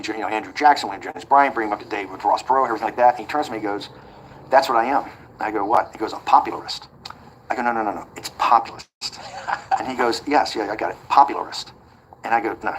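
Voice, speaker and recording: Fast-talking man telling a story. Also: medium pitch, slight background noise, rough recording. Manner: rapid anecdotal delivery that acts out quoted dialogue. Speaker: interview guest. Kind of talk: storytelling in a conversational interview.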